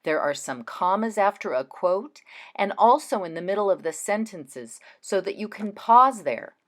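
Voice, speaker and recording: A woman teacher giving a recorded reading lesson to children, speaking in a deliberate, expressive way as she demonstrates how to read aloud. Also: medium pitch.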